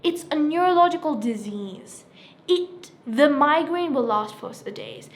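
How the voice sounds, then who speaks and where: A sixteen-year-old girl speaking earnestly and haltingly about her own experience, often checking in with "right?". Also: high-pitched, animated. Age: teenager, 16. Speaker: self-help vlogger sharing her experience. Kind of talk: personal testimony to camera.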